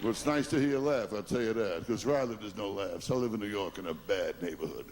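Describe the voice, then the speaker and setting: A man's voice: fairly low pitch, quick pace, darkish tone, some chatter behind, a little hiss or hum. A man doing a stand-up comedy routine, firing off brash one-liners and chuckling at his own jokes.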